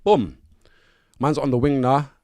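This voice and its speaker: Guy from nottingham on a podcast, heavy slang, really animated telling his stories. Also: medium pitch, measured pace. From Nottingham, England. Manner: animated storyteller, heavy street slang, acts out what others said. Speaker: podcast guest. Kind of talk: casual storytelling in an interview.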